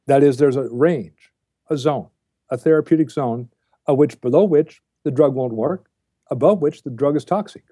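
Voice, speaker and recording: A man's voice: mid-range voice, normal speed, warm tone, husky, no echo, clean studio sound. An older man speaking as a guest on a podcast interview, lecturing bluntly and with emphasis. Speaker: guest, diet researcher.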